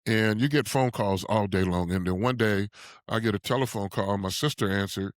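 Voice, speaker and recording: A man's voice: on the low side, normal speed, no room sound, clean studio sound. A man in his sixties from Ohio, a podcast guest telling stories conversationally and chuckling often. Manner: animated storyteller who chuckles often. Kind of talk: conversational storytelling.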